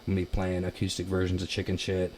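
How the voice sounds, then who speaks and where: Young male musician from Ohio, casual chat in a basement, low voice, bursts into loud quoted lines. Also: fast talker, slight background noise. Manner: animated, laughing, acts out quotes loudly. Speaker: musician guest.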